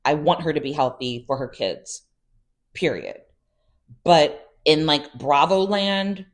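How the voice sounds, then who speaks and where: Sassy low-voiced woman recap host. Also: lively intonation, takes it slowly. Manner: sassy, chatty, exasperated asides. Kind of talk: casual chat recap.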